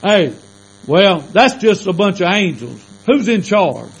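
High-voiced fervent preacher man. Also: big pitch swings, takes it slowly, vocal fry, husky, low-quality recording. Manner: fervent, rhetorical questions and calls of amen. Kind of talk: sermon.

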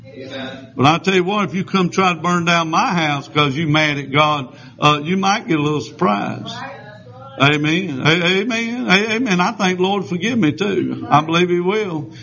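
Fiery male preacher, fairly high voice. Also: normal speed, sharp tone. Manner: fiery, emphatic, punctuated with amens. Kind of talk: sermon. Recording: dull lo-fi sound.

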